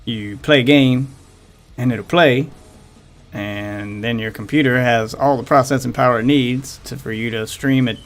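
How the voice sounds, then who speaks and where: A man's voice: medium pitch, fairly even intonation, a little slow, soft background music. A man hosting a live stream, chatting casually with lots of swearing and jokey boasting. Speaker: streamer host. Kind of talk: casual chat.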